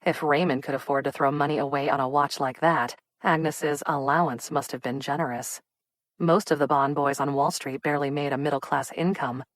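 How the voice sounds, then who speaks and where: A woman narrating an audiobook in a measured storytelling manner. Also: low-pitched, dry recording. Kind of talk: scripted narration.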